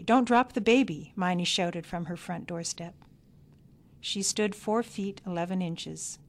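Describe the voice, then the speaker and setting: A woman reading her own memoir aloud in a measured, deliberate way with dry understatement. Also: on the low side. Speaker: memoir narrator.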